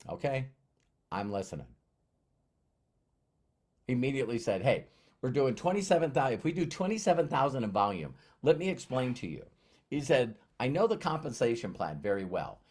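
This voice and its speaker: A man with a husky, medium-pitched voice tells a personal story as a motivational speaker. He is animated in this storytelling talk, acting out both sides of a conversation.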